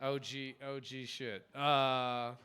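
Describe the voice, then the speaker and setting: A man's voice: medium pitch, little pitch movement, takes it slowly, pushed and bright, clean tone. A man hosting a comedy night, rambling loosely and calling himself stoned. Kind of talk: casual emcee banter. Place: small comedy club with live audience.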